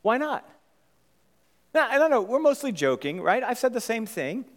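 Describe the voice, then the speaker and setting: A man's voice: extremely high pitch, moderate pace, big-room sound. A man preaching a sermon, telling a story casually and adding "right?" to his points. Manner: conversational, animated storytelling with rhetorical "right?". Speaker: pastor. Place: church sanctuary.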